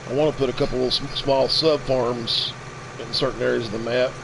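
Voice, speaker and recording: A man in his fifties giving casual, rambling commentary while playing a farming game, with halting restarts. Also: mid-range voice, steady tone, gravelly, background noise. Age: 50s. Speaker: let's play streamer.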